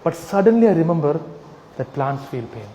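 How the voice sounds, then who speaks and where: Animated man in an echoey hall. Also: a little high, a little fast, muffled recording, a little hiss or hum. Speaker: speaker giving a talk. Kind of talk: humorous persuasive talk to a live audience. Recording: echoey hall with long reverb.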